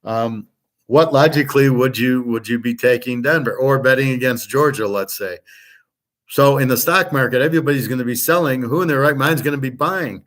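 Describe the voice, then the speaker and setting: Middle-aged man, blunt, profane, rambling rant, lecturing tone, mid-pitched voice. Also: brisk, fairly bright tone. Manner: lectures listeners as his students. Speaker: host. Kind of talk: rambling monologue class.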